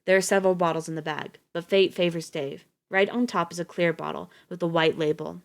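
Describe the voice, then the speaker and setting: A woman narrating a story in a steady, even reading voice. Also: on the low side, a little fast, gravelly. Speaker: audiobook reader on a livestream.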